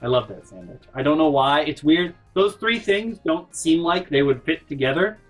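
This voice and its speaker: Animated man telling a funny story. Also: a little high, moderate pace, poor audio. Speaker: vlogger. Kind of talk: comedic storytime. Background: faint background music.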